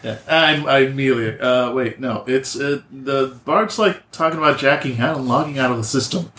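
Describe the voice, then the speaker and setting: A man plays a tabletop game, talking at a mid pitch and stumbling through uh and like as he describes his character's actions. The room around him echoes. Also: normal speed, a bit bright, slight background noise. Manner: hesitant, full of uh and like. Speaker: player.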